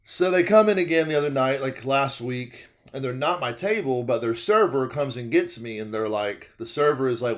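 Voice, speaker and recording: A young man, telling a comedic story about his work as a restaurant server. He talks in an animated way, cuts himself off, and repeats phrases for laughs. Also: medium pitch, moderate pace, few pauses. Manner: animated, self-interrupting, repeats phrases for comic effect.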